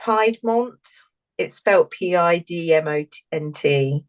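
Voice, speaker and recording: A woman's voice: sits low, steady tone, measured pace, rough recording. Giggly woman co-hosting a podcast. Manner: giggly, trips over words and laughs it off. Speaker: podcast co-host. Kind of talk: casual chat.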